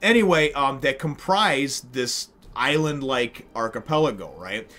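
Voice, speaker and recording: A man hosting a casual comic review, talking in an excitable, rambling way and swearing freely. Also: medium pitch, a little slow. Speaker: comic reviewer and channel host.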